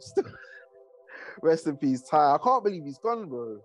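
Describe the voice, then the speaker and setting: An English rapper and producer in his 30s chats casually in an interview, laid-back, heavy on slang and prone to rambling asides. His voice is on the high side with big pitch swings, and he speaks a little slowly.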